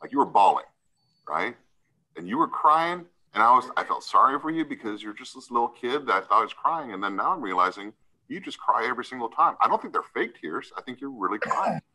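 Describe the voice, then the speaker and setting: A man's voice: medium pitch, big pitch swings, brisk, bright, forceful tone, poor audio. A man serving as a judge, sternly lecturing a defendant in a courtroom hearing and often tagging his points with "right?".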